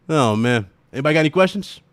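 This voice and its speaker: A man's voice: a little high, no room sound, clean studio sound. Ranting, cursing male stream host. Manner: animated, profane, laughing and ranting. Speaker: gaming livestream host. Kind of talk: casual livestream chat.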